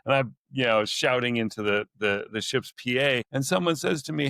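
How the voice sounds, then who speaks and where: A middle-aged man from California, a naturalist guest telling rambling, lively stories in a casual podcast interview, on a close mic. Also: medium pitch, normal speed, gravelly, hardly any pauses, no echo.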